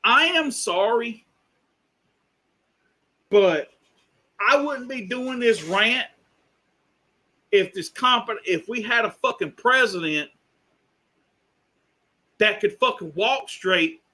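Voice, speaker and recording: A man's voice: sits high, expressive, takes it slowly, long pauses, pushed and bright. A man on a live stream delivering an angry, profane, exasperated rant.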